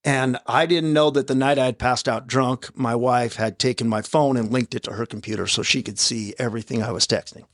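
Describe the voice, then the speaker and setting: A man in his fifties, a podcast guest, telling his own story in a raw, halting way with blunt profanity. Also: mid-range voice, fairly even intonation, fairly bright tone, no echo, clean studio sound. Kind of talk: candid personal storytelling in an interview. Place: podcast studio. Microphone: studio microphone.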